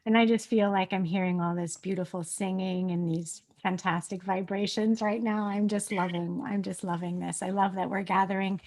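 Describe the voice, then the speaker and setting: A woman's voice: medium pitch, steady tone, moderate pace, hardly any pauses. Female host, 40s, mid voice, gushing and chatty. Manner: bubbly, gushing, warm fillers. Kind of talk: casual interview chat.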